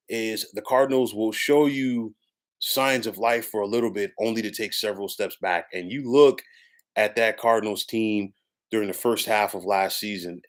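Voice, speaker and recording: Lower-voiced man giving sports opinions. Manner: emphatic, repeats opinion phrases. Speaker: sports commentator. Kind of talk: solo sports opinion monologue.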